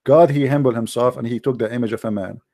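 A man hosting a live debate, explaining his points patiently in casual, animated talk and checking often that the listener follows; English is not his first language. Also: mid-range voice, fast talker, no echo, studio quality. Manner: animated, lively storyteller. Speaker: debate host.

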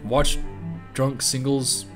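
A man's voice: mid-range voice, flat delivery, slow. A man hosting a comedic reaction video, rambling with jokey asides over faint background music.

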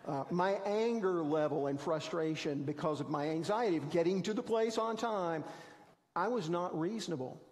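A man's voice: fairly high pitch, normal speed, a little mellow, big-room sound. A man preaching a sermon as pastor, telling stories in a conversational, self-deprecating way. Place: church sanctuary.

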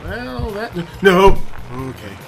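A man playing a video game and narrating as he goes, his voice swinging wildly from low mutters to sudden yelps. He talks slowly and swears freely at the screen. Game music plays steadily behind him. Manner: excitable, profane, yelling at the game. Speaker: gaming video host. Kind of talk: casual let's-play commentary.

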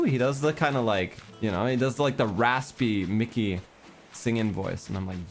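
A man streaming a game, chatting casually in an excitable, playful way and reading game text aloud. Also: lowish voice, normal speed, vocal fry, soft background music. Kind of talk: casual gameplay chat.

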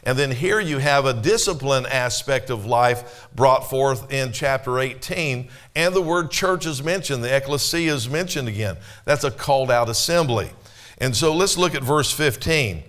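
A man's voice: medium pitch, animated, normal speed, a bit bright. A man preaching a sermon in a church, talking to his congregation in a conversational way, with rhetorical questions and quoted scripture. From Canada. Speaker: pastor.

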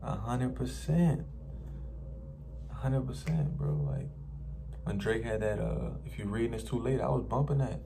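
A man's voice: mid-range voice, animated, measured pace, vocal fry, pauses often, background noise. A man from New Orleans hosting a music reaction, chatting casually to viewers and repeating lines he likes.

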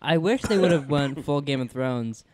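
A man's voice: on the high side, expressive, normal speed, darkish tone, no echo. A man co-hosting a podcast, recapping a TV episode in a laid-back way, laughing easily and quoting scenes. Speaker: podcast co-host. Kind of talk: casual chat recapping a TV episode.

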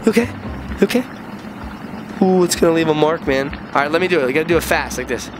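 A middle-aged man hosting a kids' game video, joking excitedly and playfully as he plays alongside his child. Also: on the high side, quick pace, noisy background. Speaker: gaming channel host.

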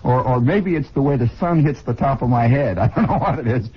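American guy in his 40s rambling on old 60s radio, voice swoops all over, kinda husky, dull lo-fi sound. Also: medium pitch, unhurried. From United States. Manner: excitable, digressive storyteller who repeats and restarts. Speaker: radio host. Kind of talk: rambling comic radio monologue. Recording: dull lo-fi 1960s radio broadcast.

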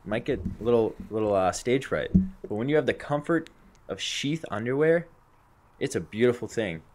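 A man's voice: medium pitch, expressive, normal speed, a little mellow. A young man co-hosting a podcast, telling crude rambling stories, laughing often and acting out both sides of a conversation. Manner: rambling storyteller, laughs often, acts out voices. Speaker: podcast co-host. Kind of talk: crude casual podcast banter.

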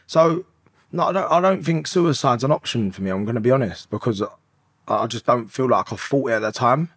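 A man's voice: mid-range voice, lively intonation, a little fast, breathy edge, dry recording, clean studio sound. A man in his thirties, a podcast guest, telling his story in an emotional, rambling way and swearing often. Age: 30s. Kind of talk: candid confessional storytelling.

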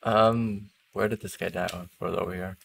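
A man's voice: low-pitched, steady tone, fairly quick, creaky, fairly bright tone, breathy edge. A young man chatting casually while streaming a hunting game, laughing easily and trailing off mid-thought. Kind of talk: casual gaming chat.

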